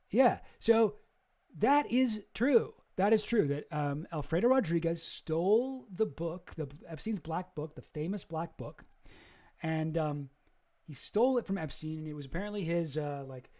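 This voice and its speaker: A man's voice: fairly high pitch, warm tone. A man streaming casual commentary, rambling and hesitant, swearing freely.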